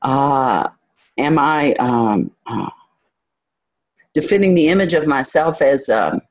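A spiritual teacher giving a reflective talk to a group, speaking candidly about their own experience and often pausing to search for the next thought. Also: medium pitch, lively intonation. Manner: candid and self-reflective, with light self-deprecating humor.

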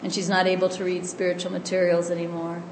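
Gentle woman teaching in an echoey room. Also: lowish voice. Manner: calm, gentle and explanatory, often slows for emphasis. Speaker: spiritual teacher. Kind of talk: spiritual teaching talk. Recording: echoey room with faint background noise.

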